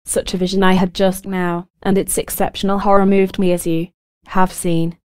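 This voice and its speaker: A woman reading as a grave army officer with second sight, his words slow, low and firm, his telling of a dread vision smooth and clear in a dry, close audiobook sound. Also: flat delivery, darkish tone, no room sound, close to an everyday voice.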